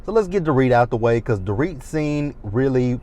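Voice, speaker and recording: A man's voice: medium pitch, expressive, normal speed, darkish tone. A man in his thirties recapping a reality show in a chatty, sassy way with dramatic asides. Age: 30s. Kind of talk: casual recap commentary.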